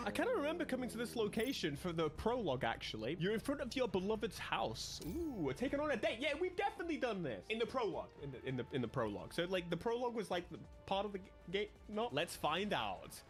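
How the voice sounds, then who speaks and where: A man giving excitable let's-play commentary, talking to the game as he plays. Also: sits high. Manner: animated, excitable, talks to the game. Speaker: gaming streamer.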